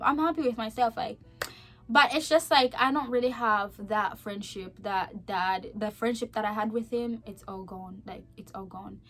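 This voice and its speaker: A young woman with a fairly high voice tells a heartfelt, emotional story. She talks in a chatty, earnest way, full of little fillers. Her delivery sinks quiet and then rises with emphasis. Faint music plays behind her. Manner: chatty, with many "like" and "okay?" fillers. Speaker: vlogger sharing a faith testimony. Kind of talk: earnest personal testimony to camera.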